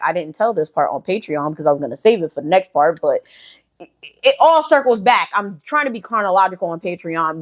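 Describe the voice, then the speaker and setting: A young woman hosting a casual storytelling vlog, chatty, swearing freely and leaning on fillers like "you know". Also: fairly low pitch. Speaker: storytime channel host.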